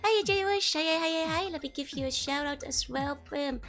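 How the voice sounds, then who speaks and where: Bubbly hoarse woman with a Dutch accent. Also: high voice, normal speed, fairly bright tone, soft background music. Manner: bubbly, laughs often, greets chat by name. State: hoarse from being sick. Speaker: streamer. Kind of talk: casual live-stream chat.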